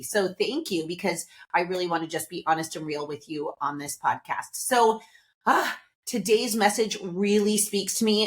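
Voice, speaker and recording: A woman hosting her own podcast, talking in an upbeat, candid, chatty way straight to her listeners. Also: on the low side. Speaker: podcast host. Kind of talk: casual solo podcast talk.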